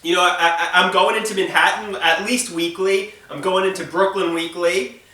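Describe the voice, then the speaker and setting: A man with a thick New York accent chats casually in a bright, rather high voice, tripping over his words as he rambles on. He sits back from the mic, and the room rings with heavy echo. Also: steady tone, normal speed, distant mic. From Long Island, New York. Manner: rambling, repeats words and restarts often. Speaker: video host. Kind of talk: casual chat.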